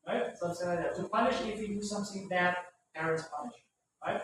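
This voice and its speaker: A man with a high, brisk, somewhat bright voice patiently walks a class through English vocabulary, repeating points and ending phrases with "right?". The sound is very echoey and faintly noisy, captured far from the microphone.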